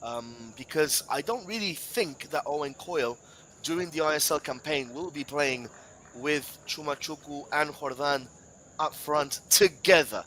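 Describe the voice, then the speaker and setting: A man's voice: fairly high pitch, a little slow, a little hiss or hum. A man commentating live football, chatty and playful, whose first language is Spanish. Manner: chatty, playful, rising to excited shouts at big moments.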